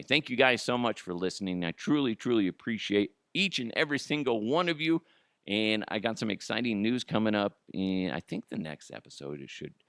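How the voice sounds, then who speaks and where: A man's voice: lowish voice, fairly bright tone, dry recording, clean studio sound. A man hosting a solo comedy podcast, swearing freely and laughing at his own jokes. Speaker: podcast host.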